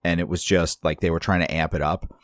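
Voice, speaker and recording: A man's voice: low-pitched, flat delivery, brisk, no room sound, clean studio sound. A man co-hosting a podcast, joking around in a self-deprecating, casual way. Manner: jokey, self-deprecating, laughs often. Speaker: podcast co-host. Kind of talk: casual chat.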